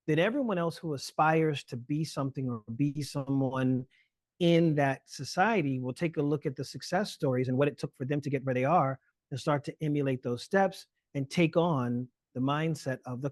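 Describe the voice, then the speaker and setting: A man lecturing in a webinar over a video call mic, explaining fast with many fillers. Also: mid-range voice, no room sound. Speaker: guest lecturer.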